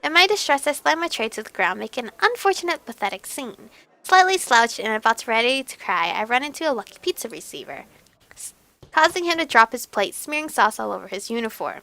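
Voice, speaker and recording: A woman's voice: on the high side, very animated, brisk, gravelly, bright, forceful tone. A young woman reading an otome game aloud and commenting on it in a playful, giggly, dramatic way. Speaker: game streamer.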